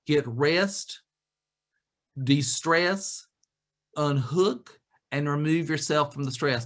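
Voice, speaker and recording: Man, fairly high voice, animated, joking, coaching, video call talk. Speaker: speaker. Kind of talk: lively webinar talk.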